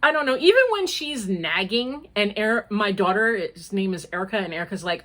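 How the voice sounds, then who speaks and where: A woman's voice: medium pitch, lively intonation, fairly quick, hardly any pauses, a bit bright. An older woman, a grandmother, hosting a casual crochet vlog, chatty and rambling with frequent laughs. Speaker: crochet vlogger. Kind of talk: casual chat.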